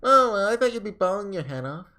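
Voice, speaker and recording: A man's voice: high-pitched, big pitch swings, fast talker, bright, forceful tone, voice pushed up, heavily acted. A man reading aloud as a callous male oni rider from a game, breezy and mocking.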